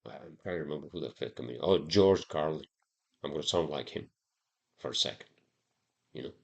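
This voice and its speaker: A man's voice: a bass voice, a little fast, vocal fry. A man hosting a solo podcast, rambling and swearing heavily through a heated rant. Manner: rambling, profane, heated ranting. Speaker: podcast host.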